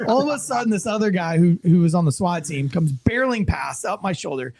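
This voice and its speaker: An American man and former police officer telling a story in a casual interview, animated and profane, acting out the people in it. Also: high-pitched, fairly quick. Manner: animated, profane, acts out quoted voices.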